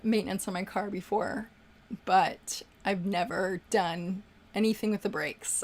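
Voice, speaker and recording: A young woman hosting a casual livestream, chatting and effusively thanking viewers for their super chats. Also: mid-range voice.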